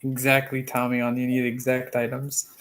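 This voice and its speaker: A man's voice: mid-range voice, completely flat delivery, moderate pace, a bit bright. A man chatting as a guest on a livestream, joking and easygoing. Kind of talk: casual chat.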